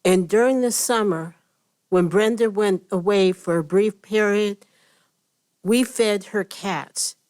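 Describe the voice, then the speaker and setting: A woman neighbor giving a deliberate statement during public comment at a county meeting. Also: mid-range voice, a little mellow.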